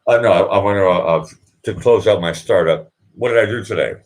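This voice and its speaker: Husky deep-voiced rambling man. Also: brisk, darkish tone. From Boston. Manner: rambling, with restarts and repeated words. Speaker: live stream host. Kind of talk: casual live stream chat.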